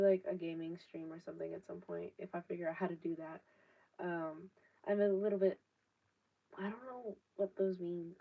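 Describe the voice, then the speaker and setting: A 19-year-old woman, chatting casually on a live stream, rambling with lots of fillers and casual swearing. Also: fairly low pitch. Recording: distant, dull laptop audio.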